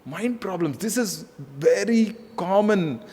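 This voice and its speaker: A man's voice: high-pitched, expressive, slow pace, darkish tone, breathy edge. A man preaching a conversational sermon as pastor, repeating phrases and saying "you know" often. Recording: echoey hall.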